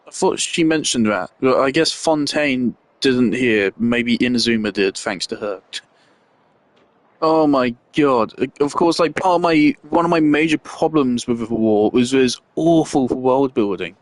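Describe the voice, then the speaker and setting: A man's voice: mid-range voice, animated, a little slow, dry recording. A man giving casual, blunt commentary while playing a video game, swearing freely and laughing at himself. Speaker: gamer commenting on his playthrough.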